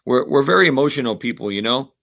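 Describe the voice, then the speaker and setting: Bright-voiced man. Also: mid-range voice, fast, vocal fry. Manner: relaxed storytelling, mixing in Spanish words. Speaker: podcast guest, former football player. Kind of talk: casual conversation.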